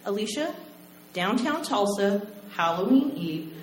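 A woman's voice: mid-range voice, lively intonation, a little slow, roomy sound, in a large hall, lightly acted. A woman doing her stern protective mom. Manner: scolding, firm. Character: protective mother, stern and worried.

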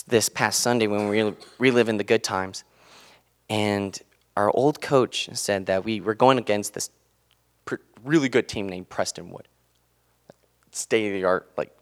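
A young man in his twenties giving an earnest, casual sermon talk, loose and full of fillers. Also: on the low side. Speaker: student speaker giving a devotional.

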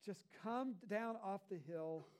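High-voiced man preaching a sermon. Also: slow pace, clean tone. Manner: conversational preaching with rhetorical asides. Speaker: pastor.

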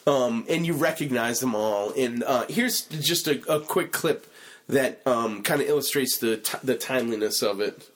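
A man's voice: medium pitch, normal speed. A man hosting a podcast, telling stories in a casual, profane way with lots of fillers. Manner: animated, profane storytelling with many fillers. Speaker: podcast host. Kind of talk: casual chat.

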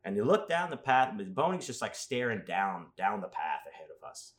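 A man chatting casually as a podcast host, telling rambling stories with crude jokes and animated asides. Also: lowish voice, fairly quick. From Las Vegas. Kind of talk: casual chat.

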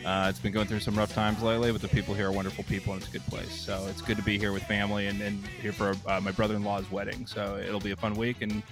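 A man's voice: fairly low pitch, little pitch movement, fast talker, few pauses, music in the background. A man co-hosting a podcast over a video call, easygoing and meandering, with dry jokes. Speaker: podcast co-host.

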